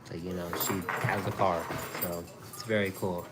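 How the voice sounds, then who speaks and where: A young man chatting casually as a food review vlogger, rambling and excitable, restarting his sentences often. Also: low voice, normal speed, background noise. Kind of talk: casual chat.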